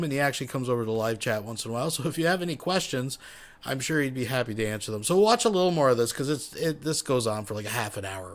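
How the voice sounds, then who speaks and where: A male livestream host talks casually in a wry tone, often calling his viewers "folks". His voice sits at a middling pitch.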